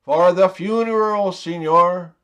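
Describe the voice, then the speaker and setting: A man's voice: high-pitched, slow pace, a bit bright, smooth. A man voicing a male servant who politely reports one disaster after another. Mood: deadpan polite. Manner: deferential, keeps saying sir. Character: male servant delivering bad news politely.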